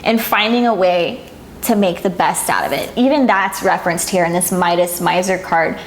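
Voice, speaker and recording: A woman reading tarot cards to her viewers, speaking softly and warmly, sometimes moved to tears. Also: fairly low pitch, moderate pace, roomy sound, slight background noise. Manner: soft, emotional, gets teary and laughs. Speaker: tarot reader. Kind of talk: pick-a-card tarot reading to camera.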